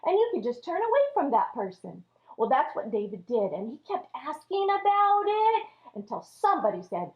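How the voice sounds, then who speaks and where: Animated woman Sunday school teacher. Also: high voice, normal speed. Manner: animated, addresses children as friends. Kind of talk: storytelling children's lesson. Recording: echoey room, dull lo-fi audio.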